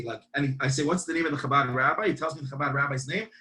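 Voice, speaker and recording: A man, a campus rabbi telling a story in a webinar and acting out both sides of the dialogue with lively energy. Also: medium pitch, very fast, low-quality recording. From Brooklyn, New York. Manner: animated, acts out dialogue.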